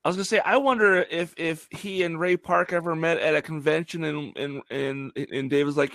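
A man on a podcast with a gravelly, fry-heavy voice pitched a little high, recorded close and dry. He drops short deadpan quips into the chat. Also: normal speed, hardly any pauses, no echo.

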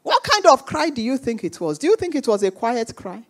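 A woman's voice: sits high, sing-song, brisk. A woman preaching a sermon with emphatic repetition, acting out the voices of the people in her stories. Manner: emphatic, repeats phrases, acts out quoted voices.

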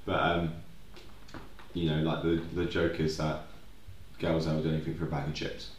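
Rambling low-voiced man. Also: flat delivery, moderate pace, echoey room, a little hiss or hum. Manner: rambling, tangent-prone, swears freely. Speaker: podcast co-host. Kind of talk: casual chat.

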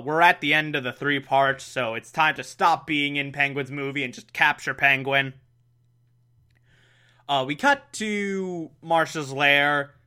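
A man's voice: on the high side, bright, forceful tone. A man hosting a casual episode recap podcast, chatty and jokey, laughing often. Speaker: podcast host.

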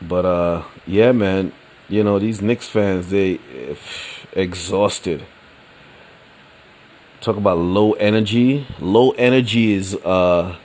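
A man hosting a casual solo sports podcast, rambling in a relaxed, slangy way and laughing often. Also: fairly low pitch, slight background noise. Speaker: podcast host.

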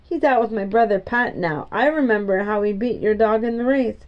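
A woman's voice: a little high, moderate pace, natural voice. A woman reading the lines of an argumentative young boy, defensive and matter-of-fact, in a storybook. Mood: plain. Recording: dull lo-fi recording.

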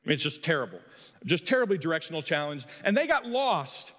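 A man's voice: fairly high pitch, sing-song, fast, fairly bright tone. A middle-aged man, a pastor and coach, preaching a sermon in a folksy, storytelling, self-deprecating way. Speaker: pastor and high school coach. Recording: long hall reverb.

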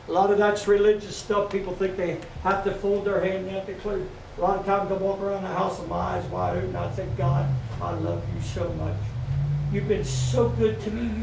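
A man's voice: high-pitched, a little hiss or hum. A middle-aged man preaching a sermon, repeating his points and leading the congregation in call-and-response. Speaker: pastor. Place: church sanctuary. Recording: echoey room from far off, faint ambience.

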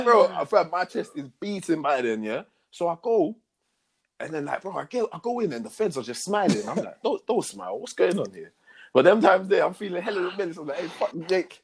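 Young man, husky voice, laughs through a casual story. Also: high voice. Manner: laughing, slangy, animated retelling.

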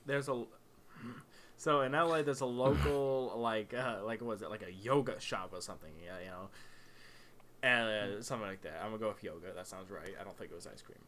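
Bright-voiced young man telling a story. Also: lowish voice. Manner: storytelling, halting, laughing asides. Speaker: podcast co-host. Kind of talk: casual chat.

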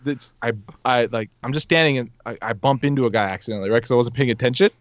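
A young man rattles through a story at a quick clip, animated and breaking into laughter, acting out the people in it. His voice is dry and close, with a slightly dull, lo-fi sound. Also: medium pitch, no echo. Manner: animated, laughs often, acts out quotes. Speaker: podcast guest telling a story. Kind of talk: casual storytelling.

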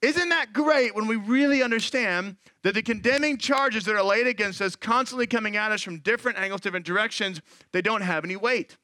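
A man in his thirties preaching a sermon as pastor, animated and acting out quoted voices. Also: high voice, fairly quick, no echo.

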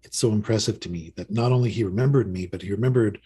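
A man's voice: fairly low pitch, fast, warm tone, slight background noise. A man in his fifties telling his recovery story in a candid, self-mocking way, full of restarts. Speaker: podcast guest. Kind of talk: recovery story told in casual conversation.

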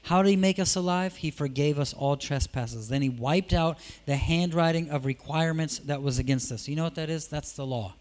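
A man preaching in a church, his voice sitting a little high for a man. He tells stories in a relaxed, chatty way, then climbs into loud, emphatic peaks before dropping back to quiet asides. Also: fairly quick, few pauses. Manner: animated, conversational, swings from soft asides to loud emphatic peaks. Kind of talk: sermon with storytelling.

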